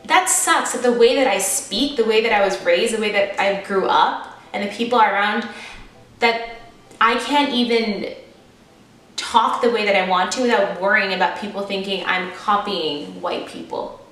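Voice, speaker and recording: A woman's voice: medium pitch, moderate pace, a bit bright, recorded from a distance. A woman in her twenties with an American accent, telling a personal story to camera in a candid, chatty, self-deprecating way. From United States. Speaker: vlogger. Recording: echoey room, voice off-mic, faint music. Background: faint background music.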